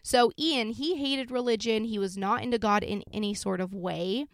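A woman with a smooth, clear voice narrates a true crime story in a loose, chatty way, full of fillers. She sounds close and dry, with no room around her. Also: a little high, normal speed, no room sound. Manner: casual, sombre retelling with frequent fillers. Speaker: podcast host.

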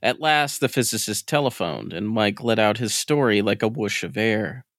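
A man narrating a scripted story in a measured, steady reading voice. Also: lowish voice, dry recording, clean studio sound. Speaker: podcast narrator.

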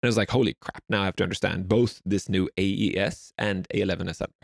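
A man's voice: deep voice, fast, vocal fry, dry recording, clean studio sound. A young Swedish man telling stories in a casual interview, rambling with lots of fillers. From Sweden. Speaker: guest.

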